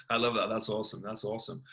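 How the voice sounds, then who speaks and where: A man's voice: mid-range voice, a bit bright. Man, podcast host, casual interview chat, enthusiastic, middle-aged. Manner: enthusiastic, repeats "that's awesome".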